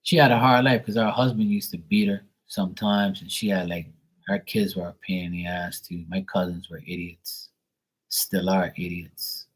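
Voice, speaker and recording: Profane rambling storyteller, deep-ish man. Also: fairly even intonation, moderate pace, breathy edge. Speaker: tarot reader, show host. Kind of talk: casual storytelling.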